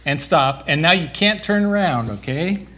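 A man preaching a sermon, talking to the congregation in an unhurried, conversational way and joking now and then. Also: on the high side, animated, fairly bright tone, a little hiss or hum. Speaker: pastor. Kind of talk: sermon with a live demonstration.

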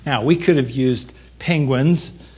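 A man preaching a sermon, talking to the congregation in an unhurried, conversational way and joking now and then. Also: medium pitch, darkish tone, a little hiss or hum. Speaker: pastor. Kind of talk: sermon with a live demonstration.

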